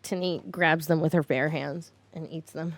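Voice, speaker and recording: A woman's voice: deep voice, fairly even intonation, moderate pace. A woman playing a tabletop roleplaying game, switching between her character and narration in a drawling, dramatic way. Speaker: player.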